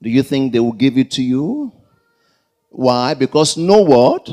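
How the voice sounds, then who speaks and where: A man's voice: mid-range voice, sing-song, a little slow, mellow. A male pastor preaching a sermon, quizzing the congregation with questions and acting out comic little dialogues. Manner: call-and-response questions to the congregation. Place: church.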